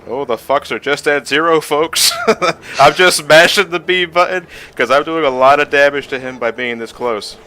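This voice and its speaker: Bright-voiced man playing on a charity stream. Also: a little high, moderate pace. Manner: laughs often, swears casually. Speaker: livestream co-host playing the game. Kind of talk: casual gaming livestream chat.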